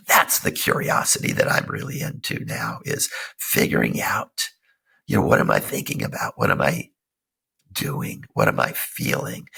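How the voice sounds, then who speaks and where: A middle-aged man hosting a self-help podcast, talking casually and earnestly while hoarse from a cold. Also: low-pitched, sharp tone. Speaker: podcast host. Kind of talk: casual solo podcast talk.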